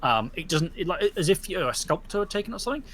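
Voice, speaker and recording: Male game master narrating a tabletop game, halting and descriptive, slightly high voice, faint noise behind. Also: sing-song, a bit bright. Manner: descriptive, halting with many fillers.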